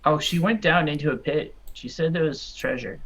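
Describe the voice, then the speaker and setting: A man's voice: fairly high pitch, moderate pace, a bit bright, husky. A man playing a tabletop game, chatty and thinking aloud as he moves. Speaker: player.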